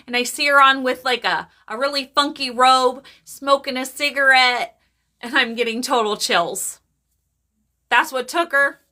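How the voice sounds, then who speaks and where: Woman, high-pitched, bright, psychic medium, live stream chat, animated, casual. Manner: chatty and animated, laughs often, quick asides to chat.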